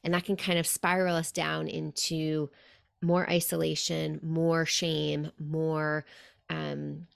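A woman's voice: low voice, little pitch movement, takes it slowly, creaky, clean tone. A woman podcast host and meditation teacher, talking in an earnest storytelling way with many "like"s. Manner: earnest, warm-hearted storytelling with frequent "like". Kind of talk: podcast conversation.

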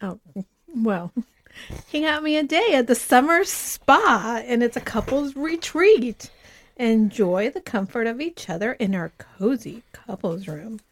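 A woman co-hosting a podcast with her husband, chatting casually, effusive and quick to laugh. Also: fairly high pitch, lively intonation. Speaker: podcast co-host. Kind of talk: casual chat.

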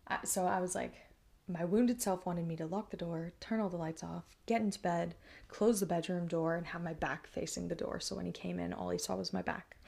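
A woman's voice: fairly low pitch, creaky, a little mellow. A woman hosting a podcast, talking through personal experiences in a reflective, conversational monologue that often checks in with the listener. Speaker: podcast host.

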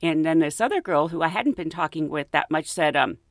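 Giggly, animated woman podcast host. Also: low-pitched, fairly quick, dry recording, clean studio sound. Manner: animated, giggly, acts out quoted voices. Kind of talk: casual storytelling.

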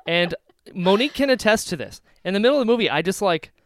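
Twenty-something guy on a podcast, sighs a lot, all worked up, smooth clean voice, dry mic. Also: high-pitched, animated, fast, no room sound. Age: 20s. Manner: emotional, breathless storytelling with many sighs. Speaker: podcast co-host. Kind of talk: casual chat.

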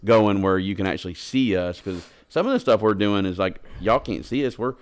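A man's voice: on the low side, a little fast. Crude, rambling podcast co-host man. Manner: crude, rambling joke-teller. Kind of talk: casual chat.

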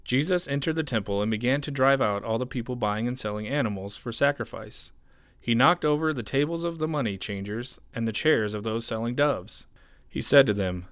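Pastor reading scripture, adult man, mid pitch, close dry mic, measured and expressive delivery. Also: smooth, dry recording. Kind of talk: Bible reading.

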